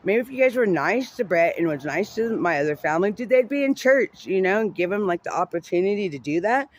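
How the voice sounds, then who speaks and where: A man's voice: high voice, animated, fairly quick. A man telling a heated personal family story, rambling and profane, full of fillers and restarts.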